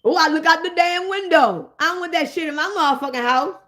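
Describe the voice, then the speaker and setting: A woman hosting a comedic rant, profane and animated, talking straight to her listeners. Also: extremely high pitch, quick pace. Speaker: host.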